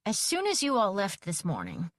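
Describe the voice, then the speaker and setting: A woman narrator voicing a brisk, dry-humored grandmother in an audiobook. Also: mid-range voice, wildly swooping pitch, dry recording.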